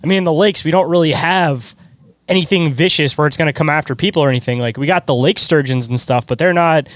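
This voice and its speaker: A man's voice: fairly high pitch, no room sound. A man chatting casually on a podcast, loose and rambling with lots of filler words. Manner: rapid, loose, full of "like" and "dude". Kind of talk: casual chat.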